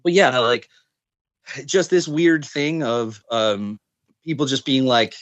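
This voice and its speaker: A man's voice: mid-range voice, expressive, takes it slowly, no echo, dull audio. A man with a light Newfoundland accent, talking in casual podcast chat, rambling with lots of fillers and restarts. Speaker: podcast co-host.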